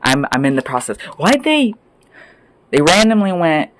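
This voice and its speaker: A man ranting off the cuff as a vlogger, angry and sweary, rambling between loud outbursts and low mutters. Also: big pitch swings, normal speed, slight background noise, poor audio. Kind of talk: profane off-the-cuff rant.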